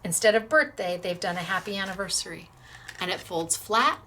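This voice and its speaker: A woman's voice: mid-range voice, animated, brisk, bright, forceful tone, a little hiss or hum. A middle-aged woman hosting a crafting tutorial, bubbly and encouraging as she gushes over her projects. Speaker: crafting show host.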